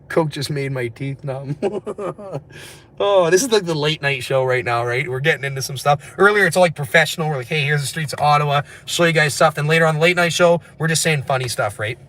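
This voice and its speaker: A man from Canada chatting on a late-night livestream, reading viewer comments and rambling very fast between laughs. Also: a little high, fairly bright tone. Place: indoors at night, after a street walk.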